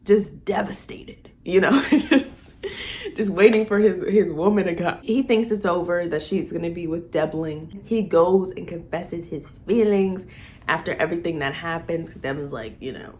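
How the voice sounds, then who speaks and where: A woman vlogger ranting excitedly to camera, gushing, laughing often and repeating herself. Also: on the low side, normal speed, slight background noise. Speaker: vlogger reviewing a TV romance series. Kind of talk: excited casual rant to camera.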